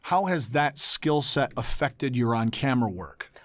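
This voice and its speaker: A man hosting an interview podcast, eager with quick affirmations and probing questions. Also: medium pitch, animated, no echo. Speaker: podcast host. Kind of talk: casual interview chat.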